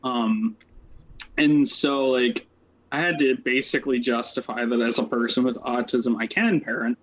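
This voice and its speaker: A man's voice: mid-range voice, steady tone, a bit bright, slight background noise, poor audio. A man being interviewed as a social worker, telling his story casually and rambling, with lots of "like" and "um" fillers. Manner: rambling, many "like" and "um" fillers, quick asides.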